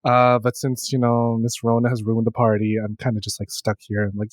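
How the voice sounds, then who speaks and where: A man's voice: mid-range voice, monotone, fairly quick, few pauses, no room sound, studio quality. Campy, joking male podcast host. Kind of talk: casual podcast chat.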